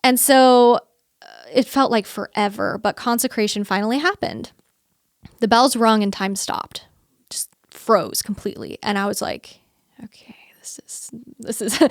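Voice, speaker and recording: A woman's voice: on the high side, moderate pace, no echo, studio quality. Earnest young woman telling her story. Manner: earnest, chatty, quotes herself, laughs often. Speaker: guest. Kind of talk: candid interview storytelling.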